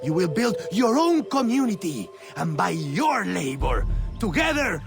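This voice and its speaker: An actor playing a smooth-talking male recruiter in a video game, speaking slowly and persuasively, with music underneath. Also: high-pitched, very animated, exaggerated voice. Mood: grandly welcoming. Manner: slow, sing-song persuasive speech.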